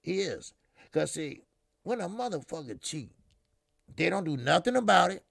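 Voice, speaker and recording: Man, middle-aged, gravelly voice, dry close mic, casual swearing live-stream host. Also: high voice, very animated, moderate pace, fairly bright tone, dry recording. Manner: loose, swearing, filler-heavy, calls out viewers. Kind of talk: casual live-stream chat reading comments.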